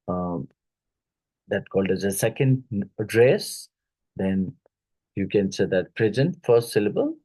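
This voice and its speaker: A man with an Indian English accent leads an exam-prep phonetics lesson at an unhurried pace. His voice sits fairly low and sounds mellow and dark. He hesitates often and repeats each word slowly to show how it is said. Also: poor audio. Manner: halting, many fillers, repeats words slowly to model pronunciation. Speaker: English teacher.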